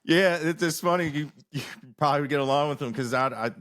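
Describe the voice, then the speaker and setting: A man hosting a podcast in easygoing casual chat, halting and searching for his words. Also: a little high, fairly bright tone. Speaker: podcast host.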